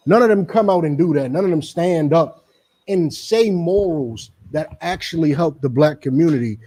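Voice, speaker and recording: Man, middle-aged, preaching-style commentary, emphatic, lecturing, repetitive, high voice. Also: animated, normal speed, dark tone, husky. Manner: emphatic, repetitive, lecturing, addresses others by name. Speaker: religious group speaker on a radio show.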